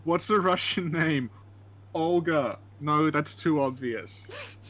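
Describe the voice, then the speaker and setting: A man's voice: on the high side, animated, slow, a bit bright. A man joking and teasing casually while watching a friend play a game. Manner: teasing, jokey banter. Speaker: co-host. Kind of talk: casual let's-play chat.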